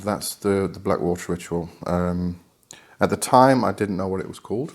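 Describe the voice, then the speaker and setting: A man with a deep, fairly monotone voice talks through a practice step by step. His delivery is relaxed and halting, full of fillers and restarts. He slips into a steadier reading tone when quoting text. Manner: rambling, hesitant, many fillers; reads book passages aloud in a measured tone. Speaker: occult teacher. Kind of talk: casual instructional talk.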